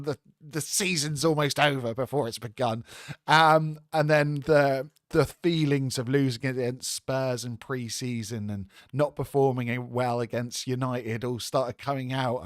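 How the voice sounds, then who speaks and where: A man's voice: medium pitch, no room sound. Guy hosting a live football chat, buzzing and rambly, keeps stumbling over his words, dead dry sound. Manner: excitable, rambling, stammering restarts. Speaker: host. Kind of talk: casual live-stream chat.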